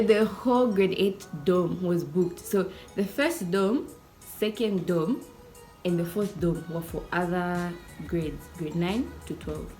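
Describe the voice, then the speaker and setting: A young woman with a Zambian accent telling a casual storytime, animated, acting out the people she quotes between chatty fillers. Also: on the low side. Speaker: YouTuber.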